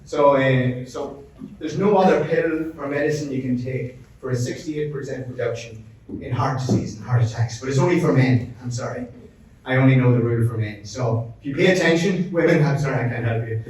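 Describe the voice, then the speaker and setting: In a large event room, a middle-aged Irish man who works as a resilience consultant gives an upbeat live seminar session, joking with the audience and calling people by name. His medium-pitched voice is brisk with a darkish tone, and the distant mic picks up a very roomy sound plus slight background noise.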